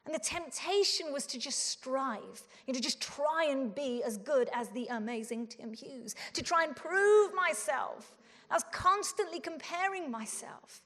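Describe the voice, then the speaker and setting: A woman's voice: sits high, expressive, unhurried, fairly bright tone. A woman in her forties giving an earnest, self-deprecating and humorous conference talk. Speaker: conference speaker. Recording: long hall reverb.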